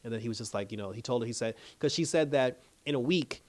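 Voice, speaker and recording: A man's voice: medium pitch, quick pace. A man casually recapping a drama episode. He swears freely, laughs often and acts out the characters' lines in playful voices. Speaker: TV show reviewer.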